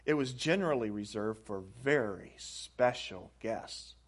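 A man's voice: mid-range voice, expressive, measured pace. A man preaching a sermon, reading aloud from a book and stressing phrases with rising emphasis. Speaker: pastor. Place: church sanctuary.

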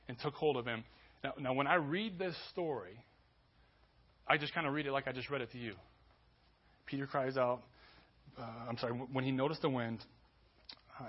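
A man preaching a sermon as pastor, conversational with restarts, building to loud emphasis. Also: medium pitch, husky, lo-fi sound. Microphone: church sermon recording.

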